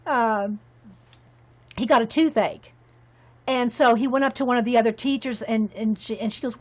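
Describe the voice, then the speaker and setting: A woman's voice: fairly high pitch, normal speed. A woman chatting casually on her craft vlog as she sorts her supplies, rambling and laughing, talking to her viewers by name. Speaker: craft vlogger. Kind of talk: casual chat while organizing. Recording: dull lo-fi sound.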